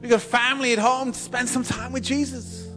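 Man, high voice, preaching sermon, emphatic, repetitive, loud then hushed, church, faint music behind. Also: level tone. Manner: emphatic, repeats and builds phrases, stammers on restarts; swings from loud exhortation to soft, slow intimacy.

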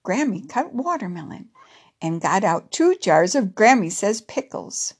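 A woman narrating a children's story in a gentle, expressive way. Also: medium pitch, a little slow, husky.

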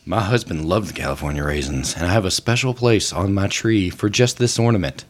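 A man's voice: deep voice, brisk, pitched below the performer's own voice. A man voicing a bitter, spry old woman who mumbles complaints and turns menacing.

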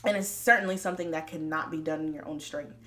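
A woman hosting a faith-based motivational podcast, talking straight to listeners in a lively, preachy way and laughing often. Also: sits low, quick pace. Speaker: podcast host.

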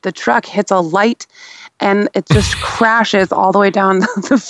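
Brief: young woman, animated storyteller, dry close sound, chatty radio guest. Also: medium pitch, a little slow, no echo. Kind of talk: casual storytelling chat.

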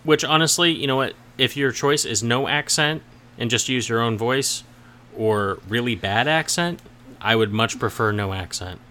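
A man's voice: mid-range voice, normal speed, sharp tone. A man co-hosting a casual movie review podcast, mostly offering short agreements and dry one-line quips. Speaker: podcast co-host.

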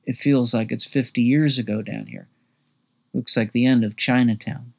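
A man reads a first-person memoir aloud with a gravelly, fry-laced voice. He keeps a low-key, wry storytelling tone at a middling pitch. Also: steady tone, normal speed. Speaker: narrator.

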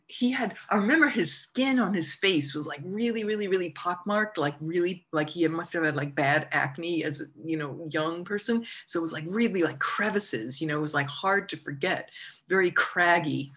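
A woman telling a personal story in a casual, animated way, full of "like" and restarts. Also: fairly low pitch, normal speed. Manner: laughs through the telling.

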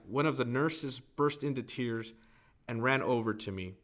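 A man hosting a faith podcast, reading a poem and a book excerpt aloud in a measured, reflective way, then asking his guest questions. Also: medium pitch. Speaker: podcast host.

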